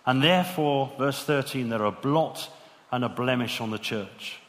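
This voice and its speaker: A man's voice: medium pitch, moderate pace. Earnest male preacher in an echoing hall. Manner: earnest, many rhetorical questions. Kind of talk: sermon. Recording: reverberant hall.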